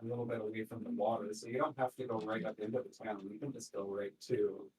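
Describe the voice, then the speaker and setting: A man narrating as game master in a tabletop game, halting and full of fillers. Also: fairly low pitch, little pitch movement, darkish tone, a little hiss or hum, poor audio.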